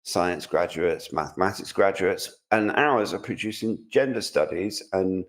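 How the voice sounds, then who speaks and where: Man, from Britain, lowish voice, opinionated, mocking, casual chat. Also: measured pace. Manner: opinionated, mocking, rambling with restarts. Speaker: co-host, tech commentator.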